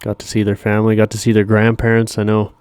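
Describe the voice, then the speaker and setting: A man's voice: on the low side, monotone, fast talker, a little mellow, clear, resonant tone, no room sound. A male podcast co-host in casual chat, easygoing and agreeable, laughing along with his friend. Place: podcast recording room.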